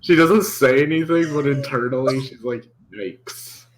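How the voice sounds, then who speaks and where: A man playing in a streamed tabletop game, describing his character in a dry, low-key third person. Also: fairly even intonation, moderate pace, poor audio. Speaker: player.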